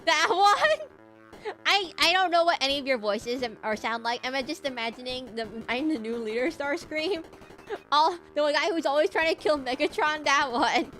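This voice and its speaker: High-voiced giggly woman streamer. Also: expressive, normal speed, pushed and bright, faint music behind. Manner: giggly and rambling, chatting with viewers. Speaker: VTuber streamer. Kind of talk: casual livestream chat while gaming.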